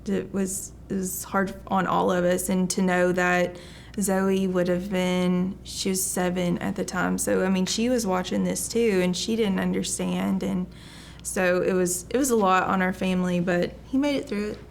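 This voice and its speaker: A woman in her thirties with a fairly low, creaky voice and a flat, even delivery. She talks haltingly and softly about her family's experience. A faint hum sits behind her. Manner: soft, halting, hesitant delivery. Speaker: church testimony speaker. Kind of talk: personal testimony.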